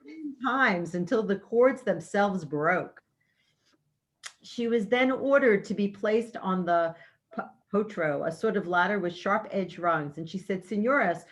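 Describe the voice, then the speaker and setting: A woman in a class reading a historical text aloud in an even, measured way. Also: mid-range voice.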